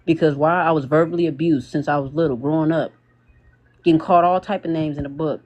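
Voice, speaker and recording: A young man speaking in a casual livestream monologue, animated and slangy, laughing often as he talks. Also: a little high, fast talker, lo-fi sound. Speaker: TikTok live host.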